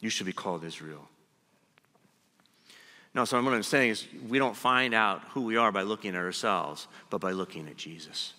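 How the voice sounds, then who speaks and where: A man preaching a sermon, emphatic and deliberate, slowing down to stress his key phrases. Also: fairly low pitch, sharp tone. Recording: long hall reverb.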